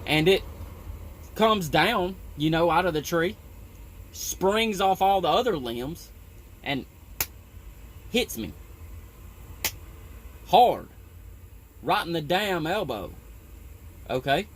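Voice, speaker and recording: A man's voice: high-pitched, lively intonation, takes it slowly, long pauses, slight background noise. A man who works on a tree-trimming crew, telling a story in a rambling, profane way with lots of "you know". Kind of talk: casual storytelling.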